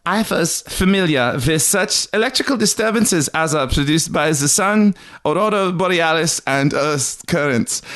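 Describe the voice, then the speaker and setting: A man voicing an earnest turn-of-the-century male inventor in a vague, shifting Scottish accent, louder than his normal voice and slowly declaiming. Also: high voice, pitched above the performer's own voice.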